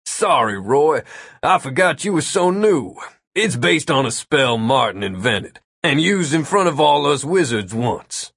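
A man's voice: medium pitch, very animated, unhurried, a bit bright, husky, no room sound, clean studio sound, voice pushed up, exaggerated voice. A man voicing a smug male wizard who explains his prank spell in a mocking, lecturing way. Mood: breezy.

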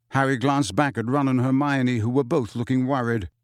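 A man reading a novel aloud as audiobook narrator in a measured storytelling manner. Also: mid-range voice, fairly even intonation, no echo, clean studio sound. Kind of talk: scripted narration.

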